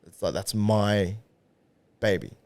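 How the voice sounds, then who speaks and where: A man's voice: on the low side, takes it slowly. A man in his thirties, a podcast guest talking casually and with energy, swearing freely and acting out what people say. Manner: animated, swears freely, acts out quoted voices. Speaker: podcast guest, event organizer and rapper. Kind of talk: casual conversational interview.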